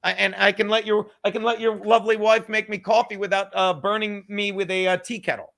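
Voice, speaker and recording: A man with a high, bright voice hosting a loose comedy podcast. He swears freely and tells stories with rising excitement. He laughs often and sometimes breaks into shouting. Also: fairly quick, gravelly, dry recording, studio quality. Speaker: podcast host. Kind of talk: casual comedic podcast chat.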